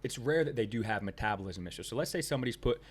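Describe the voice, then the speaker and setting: A man talks quickly in a casual podcast conversation, packing his sentences with fillers. His voice sits on the low side, and he is emphatic and rambling as he presses his points. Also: lively intonation, husky. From Ohio, United States. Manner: rambling, heavy on "you know" fillers, emphatic. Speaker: podcast guest, business owner.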